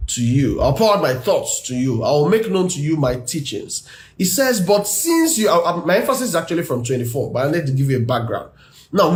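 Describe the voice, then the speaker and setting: A man coaching on relationships during a live stream, earnest and preacher-like, reading scripture with rising emphasis. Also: fairly high pitch.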